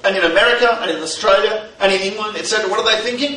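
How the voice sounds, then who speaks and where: A man's voice: high voice, racing, pushed and bright. A man giving a humorous, conversational talk with a story, often putting questions to his audience. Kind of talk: lecture with storytelling. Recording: roomy hall from a distance, faint noise.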